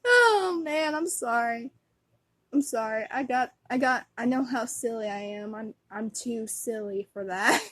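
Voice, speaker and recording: A woman vlogger chatting casually as a fan, giggly and rambling, with lots of fillers. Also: a little high.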